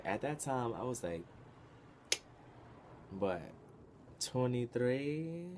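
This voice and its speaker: A young man telling a story from his past in a casual, animated, profane way, with sudden loud bursts. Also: mid-range voice, very slow, pauses often, slight background noise. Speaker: vlogger.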